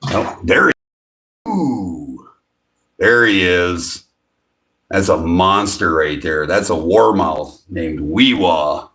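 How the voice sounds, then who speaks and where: A man hosting a casual livestream from his home beside a fish tank. He chuckles often and coos at his pet fish in sudden high bursts. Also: takes it slowly, pauses often, fairly bright tone. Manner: chuckles often between remarks. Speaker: fishing channel host.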